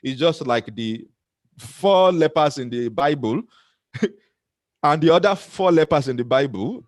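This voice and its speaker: A man's voice: a little high, lively intonation, measured pace, dry recording. Earnest Nigerian man, motivational speaker. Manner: earnest, laughs often at himself. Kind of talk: motivational talk to camera.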